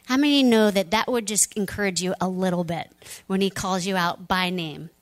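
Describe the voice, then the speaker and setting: Expressive woman preaching a sermon, dry sound. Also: medium pitch, normal speed, no room sound. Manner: animated storytelling, acting out quoted voices, dropping to soft near-whispers. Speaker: pastor.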